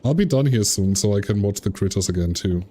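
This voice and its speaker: A man's voice: lowish voice, animated, brisk, warm tone, a little hiss or hum. A man streaming a game, chatting casually and poking fun at his own failures. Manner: chatty, self-deprecating.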